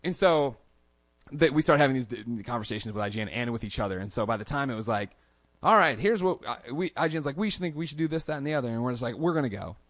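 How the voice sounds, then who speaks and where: A man speaking as a podcast guest, racing through his stories at a brisk clip. He tells them casually and animatedly, and he jumps into quoted lines in a raised voice. His voice sits in a mid range and comes through dry and close on a studio mic. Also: medium pitch, animated, fairly bright tone, dry recording. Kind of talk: casual storytelling interview.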